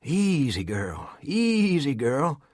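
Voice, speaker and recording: Out of a dry, close audiobook read comes a calm, drawling older frontier uncle, as a male narrator puts him on, a touch higher than the reader's own voice. He talks in a plain rural way and never seems rattled. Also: moderate pace, no room sound, natural voice.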